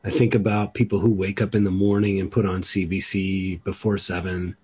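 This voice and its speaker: Husky low-voiced man hosting podcast. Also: flat delivery, fairly quick. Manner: rambling, self-deprecating, trails off quietly. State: keeping his voice low. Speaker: podcast host. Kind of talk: casual conversation.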